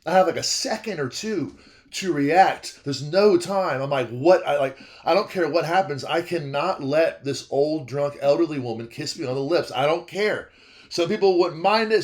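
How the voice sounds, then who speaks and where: Animated young man telling stories. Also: fairly high pitch, moderate pace. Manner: animated, self-interrupting, repeats phrases for comic effect. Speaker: restaurant server. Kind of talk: comedic storytime.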